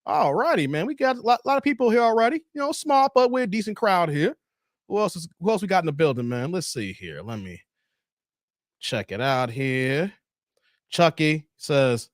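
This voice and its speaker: Animated man hosting a livestream. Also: on the high side, a little slow, pauses often, no room sound, clean studio sound. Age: 40s. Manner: animated, hyped, laughs often, shouts out viewers. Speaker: livestream host. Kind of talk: casual livestream chat reading viewer comments.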